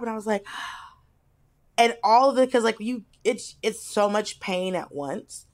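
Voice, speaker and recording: A woman co-hosting a podcast in casual chat, telling stories in an animated, blunt and expressive way. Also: fairly high pitch, moderate pace. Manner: animated storyteller, blunt and expressive, swings between loud and soft. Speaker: podcast co-host.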